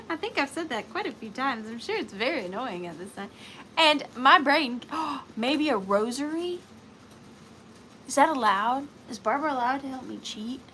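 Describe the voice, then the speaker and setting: A woman's voice: fairly high pitch, sharp tone, a little hiss or hum. A woman hosting a live online sale, chatting casually with viewers in a giggly, joking way. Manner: chatty and giggly, jokey asides.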